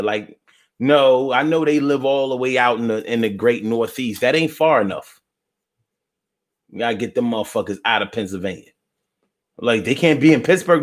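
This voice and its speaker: Viewer comments get read aloud and answered by a man hosting a casual stream, in a spirited, cheeky style laced with profanity. He lurches between loud exclamations and muttered asides.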